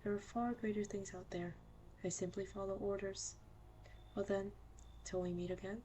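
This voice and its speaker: A woman voicing an ominous stranger at the door in a horror game, measured and cryptic. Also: mid-range voice, steady tone, slight background noise, close to an everyday voice. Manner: cryptic, measured, quietly menacing. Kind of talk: reading game dialogue aloud.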